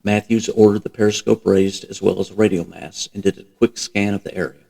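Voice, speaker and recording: Low, gravelly man reading a novel. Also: steady tone, brisk, dark tone, poor audio. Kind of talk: audiobook-style reading.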